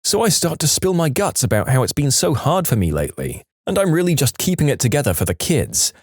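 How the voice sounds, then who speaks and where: A man narrating reddit stories in an expressive, scripted way. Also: on the high side, brisk, slightly rough, dry recording, studio quality.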